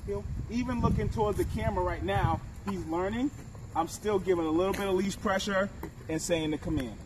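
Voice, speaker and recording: A man working as a dog trainer, explaining leash training to the camera and praising the dog as he walks it outdoors. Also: high-pitched. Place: outdoors on a street. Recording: distant outdoor mic with street noise.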